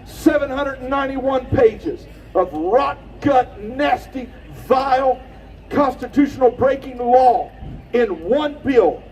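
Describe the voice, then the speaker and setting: A man giving an impassioned rally speech outdoors, preaching and shouting at the crowd. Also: extremely high pitch, animated, slow, far from the mic, a little hiss or hum, low-quality recording. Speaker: rally speaker.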